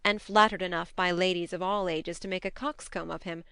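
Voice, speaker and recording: A woman narrating an audiobook in a measured, expressive reading. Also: fairly low pitch, clean tone, no room sound, clean studio sound. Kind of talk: scripted narration.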